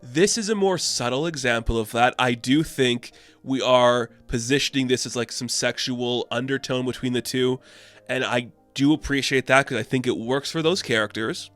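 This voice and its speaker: A man's voice: medium pitch, moderate pace, a bit bright, soft background music. A man recapping and reviewing a comic issue in a chatty, opinionated way, full of "like". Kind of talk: casual recap and commentary.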